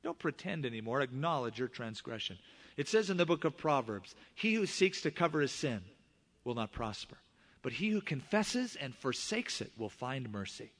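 A middle-aged male pastor preaching a sermon, with animated rises in voice and sudden hushed drops. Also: mid-range voice, normal speed. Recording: long reverb of a large hall.

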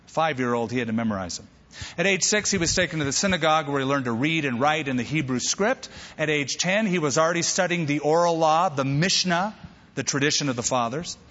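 A man preaching a sermon, animated and talking straight to the congregation. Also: on the high side, in a large hall, lo-fi sound. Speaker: pastor.

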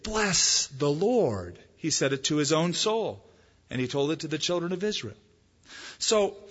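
A man preaching a sermon as pastor, in a conversational style with lively emphasis. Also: on the high side. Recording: muffled, echoey hall.

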